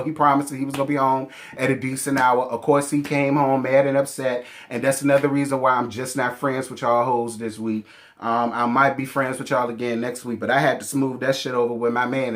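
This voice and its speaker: A man in his thirties with a sassy, animated manner and heavy slang, reviewing a reality show in casual chat. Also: mid-range voice, a little hiss or hum.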